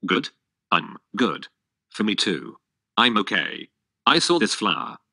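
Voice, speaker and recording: A male text-to-speech voice reading the lines of an awkward, shy male ogre in a flat, synthetic way. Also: lowish voice, slow pace, creaky, no echo, clean studio sound, exaggerated voice. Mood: nervous.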